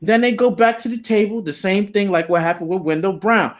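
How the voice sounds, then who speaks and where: A man's voice: high-pitched, brisk. A man being interviewed, telling a story in loose, slangy, profane casual talk with lots of "you know". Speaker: interview guest.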